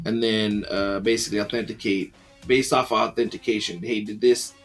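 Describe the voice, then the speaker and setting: A man reviewing a book in a casual, rambling monologue, full of fillers and restarts and quick to poke fun at himself. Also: fairly low pitch, steady tone, a bit bright, soft background music. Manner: rambling, many fillers and restarts, self-deprecating.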